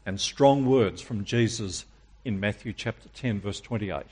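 A man preaching a sermon, emphatic and using dramatic pauses and rhetorical questions. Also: lowish voice, darkish tone, husky.

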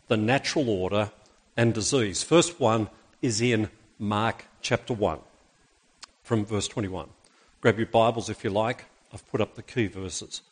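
Male pastor with a husky, mid-pitched voice, preaching to a congregation. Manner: asks the congregation rhetorical questions. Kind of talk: sermon with Bible reading.

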